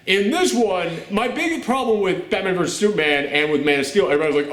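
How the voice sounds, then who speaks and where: A fairly high-voiced man chats excitedly about a film, his pitch leaping all over as he gushes and laughs. The room around him is bare and roomy, with a clear echo on his voice. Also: quick pace, hardly any pauses. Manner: animated and gushing, laughs often, slips into mock voices. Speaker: film review podcast host. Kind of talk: excited casual film review chat. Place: room at home with a dog nearby.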